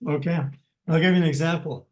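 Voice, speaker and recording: An older man teaching a language lesson over a video call, speaking haltingly with many pauses and restarts. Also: fairly high pitch, fairly even intonation, a little mellow, reverberant, low-quality recording.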